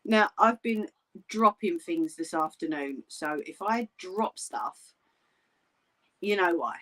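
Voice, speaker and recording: A woman's voice: fairly low pitch, expressive, slow, pushed and bright. A woman hosting a live crafting stream, chatting casually and joking with viewers as she sews, a little tired. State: tired, yawning. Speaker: crafting livestream host. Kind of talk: casual chat while sewing live.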